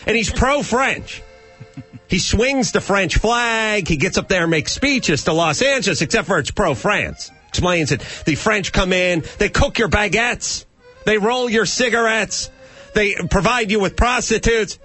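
A male radio host in a studio, with a voice pitched a little high. He rants emphatically and needles listeners with sarcastic rhetorical questions. Faint music plays behind him. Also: animated, moderate pace, bright, forceful tone, breathy edge. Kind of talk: talk radio banter and rant.

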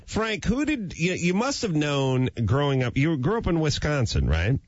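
A male radio host, conversational and lively, laughing often. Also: fairly high pitch, normal speed. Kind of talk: casual radio talk. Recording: dry, slightly dull radio studio sound.

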